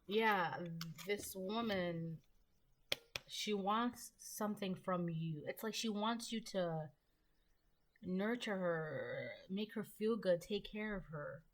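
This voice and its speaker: A woman's voice: medium pitch, slow pace, noisy background. A woman giving a casual collective tarot reading, rambling and chatty, with frequent ums and the odd casual swear word. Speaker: tarot reader.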